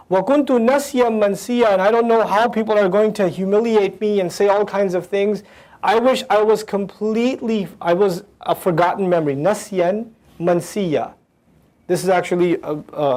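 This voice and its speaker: High-voiced man explaining scripture. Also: a little mellow. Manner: recites Arabic verses quickly, then explains in casual English. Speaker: Quran teacher.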